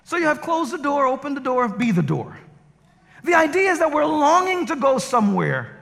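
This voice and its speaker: A male guest preacher with a strikingly high voice delivers a sermon full of animated storytelling. His pitch rises and falls in a lively way. The sound carries the long reverb of a large church hall. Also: normal speed, gravelly. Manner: animated storytelling with acted quotes. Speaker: guest pastor. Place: church sanctuary.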